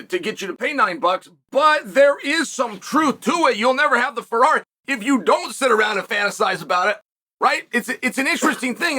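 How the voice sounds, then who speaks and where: A man hosting his own show, delivering solo commentary in an emphatic storytelling manner with dramatic pauses. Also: high-pitched, bright, forceful tone. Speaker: show host.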